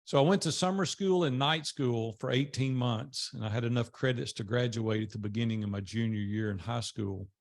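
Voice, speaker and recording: A man's voice: medium pitch, brisk, creaky, few pauses. Folksy Southern older man. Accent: Southern US, Tennessee. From Nashville, Tennessee. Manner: folksy storytelling with fillers. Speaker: guest speaker. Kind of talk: motivational talk.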